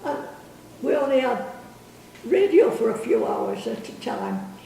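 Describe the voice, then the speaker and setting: Slow gravelly older woman, distant. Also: high-pitched, wildly swooping pitch, warm tone, a little hiss or hum. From England. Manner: halting, loses her thread, chuckles. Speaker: grandmother telling stories. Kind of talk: casual storytelling. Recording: echoey room from a distance.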